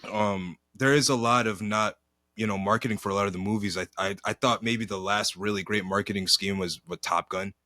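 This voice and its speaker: A man co-hosting a podcast in casual chat, animated and slangy, rambling through his takes. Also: lowish voice, brisk, dry recording, clean studio sound. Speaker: podcast co-host. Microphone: podcast mic.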